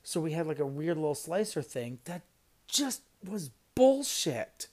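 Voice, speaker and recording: A man's voice: on the high side, big pitch swings, unhurried, a little mellow. A young man on a casual podcast, retelling a work story in a heated, swearing rant with emphatic outbursts. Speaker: podcast guest recounting a job story.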